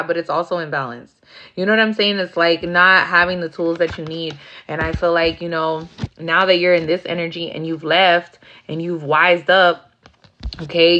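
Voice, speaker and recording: A woman's voice: fairly low pitch, a bit bright, lo-fi sound. Blunt, profane woman reading tarot. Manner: profane, blunt, acts out rowdy asides. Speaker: tarot reader. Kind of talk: casual livestream tarot reading.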